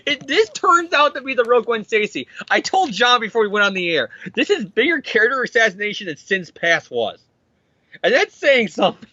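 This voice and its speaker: A man's voice: extremely high pitch, sing-song, fairly quick, pushed and bright, no echo. A man co-hosting a casual comic book podcast, talking animatedly, swearing freely and mocking the characters in silly voices. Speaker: podcast co-host. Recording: dull lo-fi dry sound.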